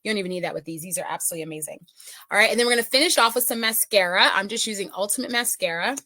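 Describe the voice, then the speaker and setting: A woman's voice: mid-range voice, very fast, sharp tone, dry recording. A middle-aged woman giving a casual makeup tutorial, chatting with viewers and often checking in with them. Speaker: makeup consultant.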